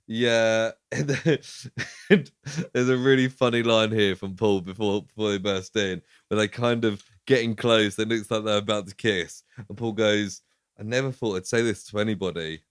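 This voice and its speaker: A man's voice: fairly low pitch, normal speed, clean tone, no room sound, clean studio sound. A man co-hosting a podcast, casually recapping a film, laughing often and acting out lines from scenes. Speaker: podcast co-host.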